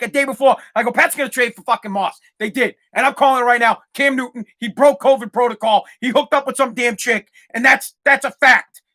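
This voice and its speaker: A man's voice: very high voice, pushed and bright. A man hosting a solo sports podcast, ranting in a fired-up way, swearing and repeating himself. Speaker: podcast host.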